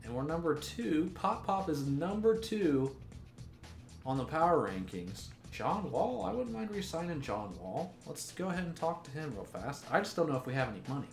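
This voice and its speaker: A man's voice: a little high, big pitch swings, moderate pace, gravelly, roomy sound, soft background music. A man giving casual, sarcastic gameplay commentary as a gaming YouTuber. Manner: sarcastic, joking banter.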